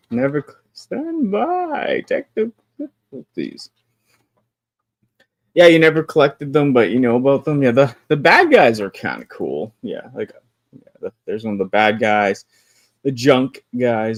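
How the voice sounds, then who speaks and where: A man hosts a relaxed livestream, chatting about his toy collection. His talk is animated, with frequent laughs and casual swearing. His pitch swings widely, and the recording is dry and close. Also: no room sound. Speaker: livestream host. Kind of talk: casual stream chat about toys.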